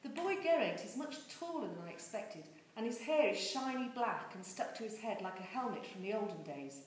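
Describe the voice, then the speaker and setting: A woman's voice: a little high, brisk, slight background noise. Woman reading a story in an echoey room. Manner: expressive, lively storytelling. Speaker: reader. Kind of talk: reading a novel aloud.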